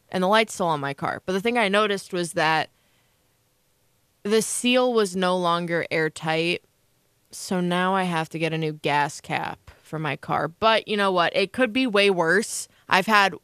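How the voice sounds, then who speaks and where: A woman's voice: mid-range voice, a little slow, fairly bright tone, clean tone, dry recording, clean studio sound. A young woman co-hosting a casual chat show, telling a long rambling story with lots of fillers. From Illinois, USA. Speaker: co-host.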